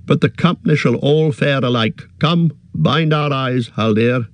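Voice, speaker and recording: A man's voice: mid-range voice, unhurried, dry recording, voice pushed up, natural voice. A man reading aloud and voicing a commanding male ranger leader who speaks firmly and with authority. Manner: firm, authoritative.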